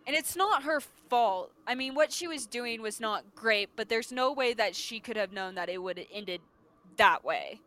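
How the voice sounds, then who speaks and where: Lively woman host recapping with bright voice. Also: on the high side. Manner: animated, acts out characters' lines in quick bursts. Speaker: podcast host. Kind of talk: casual chat recapping a TV episode.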